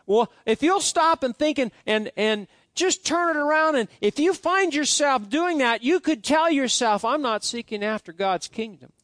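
Folksy high-voiced male pastor. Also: expressive, normal speed, hardly any pauses, fairly bright tone, no echo, clean studio sound. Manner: folksy storytelling with many restarts. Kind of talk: sermon.

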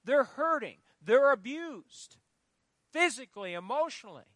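A man's voice: very high-pitched, sing-song, measured pace, a bit bright, dry recording. A middle-aged male pastor preaching a sermon with emphasis, prompting the congregation to call out the missing words. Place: church.

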